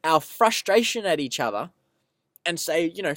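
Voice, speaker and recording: A man talks straight to the camera in a loose, unscripted monologue, reading quotes and going off on tangents. He swears freely and leans hard on his points. His voice sits a little higher than most men's, and the sound is dry and close, with no room echo. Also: very animated, normal speed, a bit bright. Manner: rambling, profane, emphatic. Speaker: vlogger.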